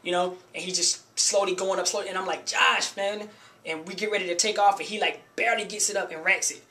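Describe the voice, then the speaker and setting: A man's voice: sits high, steady tone, fast, pushed and bright. A man vlogging in a loose, chatty way, telling a gym story and warning beginners to use a spotter. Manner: loose and chatty, keeps saying "you know" and "man". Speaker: fitness vlogger. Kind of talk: casual storytelling to camera.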